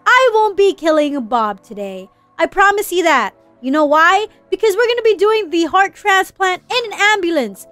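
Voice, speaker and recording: A woman's voice: very high-pitched, lively intonation, moderate pace, few pauses, fairly bright tone, dry recording, faint music behind. A young woman giving frantic, exclaiming gameplay commentary, panicking and giggling as she plays. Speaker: let's play gamer.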